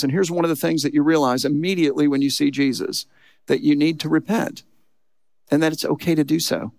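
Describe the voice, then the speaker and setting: A man preaching a sermon with a raised voice that has a gravelly edge. He talks in a conversational way and leans hard on key points. The sound is close and dry, with no room echo. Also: a little high. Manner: conversational, emphatic preaching with frequent "look" and "okay". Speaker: pastor.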